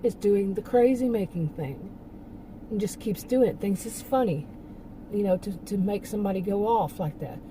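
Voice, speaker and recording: Woman, rambling casual monologue, very dark mellow tone, faint hum behind. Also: mid-range voice, normal speed, poor audio. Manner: rambling, with frequent laughs and restarts. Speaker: channel host.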